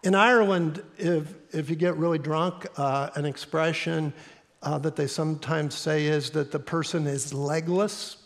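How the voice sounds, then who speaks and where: A middle-aged pastor with a Midwestern accent, telling a story in a sermon in an earnest, halting way with fillers. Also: male voice, on the high side, fairly even intonation. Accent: American Midwestern. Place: church sanctuary. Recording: long hall reverb in a church.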